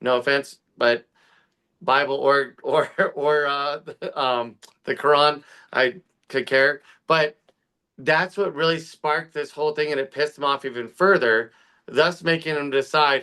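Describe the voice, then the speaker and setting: A man co-hosting a casual podcast, ranting fast and heatedly with lots of swearing. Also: a little high, fairly even intonation, pushed and bright, clean tone. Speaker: podcast co-host. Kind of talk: casual political podcast chat.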